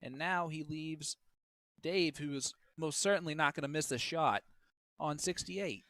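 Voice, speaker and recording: A man's voice: on the high side, measured pace, bright, forceful tone, no room sound. A man commentating a live darts match, talking in a chatty, joking way and teasing his co-host.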